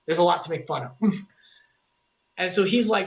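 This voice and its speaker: Animated woman joking through a lore recap. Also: lowish voice, normal speed, creaky, pauses often, muffled recording. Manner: animated, joking, with sarcastic asides. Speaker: streamer recapping game lore. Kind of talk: casual lore recap on a stream.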